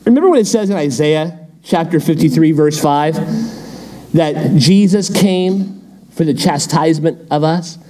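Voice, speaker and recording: A male pastor teaching a midweek Bible study, animated, firing off rhetorical questions and quips. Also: on the high side, unhurried.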